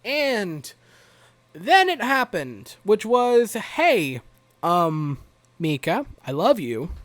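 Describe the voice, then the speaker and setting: A man's voice: high voice, very animated, drawn-out words, fairly bright tone, no echo. A young man giving a rambling, wry, self-mocking recap of a hockey game as a fan vlogger.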